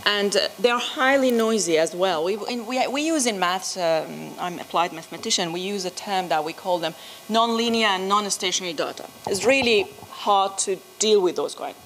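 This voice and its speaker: A woman's voice: mid-range voice, normal speed, fairly bright tone, a little hiss or hum, low-quality recording. A woman lecturer giving an academic conference talk, hesitant and with frequent fillers. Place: conference room.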